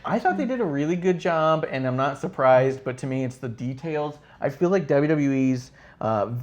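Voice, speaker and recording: Animated male wrestling podcast host. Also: muffled recording. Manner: animated, mimics wrestlers in exaggerated high voices. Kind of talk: casual chat.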